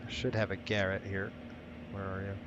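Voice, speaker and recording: A man's voice: sits low, flat delivery, normal speed, dull audio, background noise. A man hosting a live stream, thinking aloud as he sets things up and chatting with viewers between steps. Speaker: flight sim streamer.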